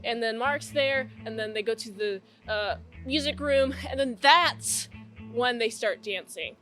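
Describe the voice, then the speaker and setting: A woman's voice: fairly high pitch, a little slow, fairly bright tone, soft background music. A young woman casually retelling a movie's plot for a review, rambling, swearing now and then and laughing at her own asides.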